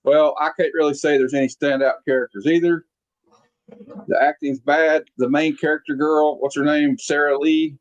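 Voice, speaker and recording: A man's voice: a little high, little pitch movement, normal speed, highs cut off. A man hosting a casual movie review chat, rambling along with lots of fillers and restarts. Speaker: podcast host reviewing a movie. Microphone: video call.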